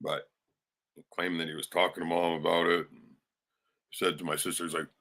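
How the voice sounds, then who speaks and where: Profane ranting man, bright low voice. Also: flat delivery, fairly quick. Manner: profane, heated, laughing asides. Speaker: livestream host. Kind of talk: ranting livestream monologue.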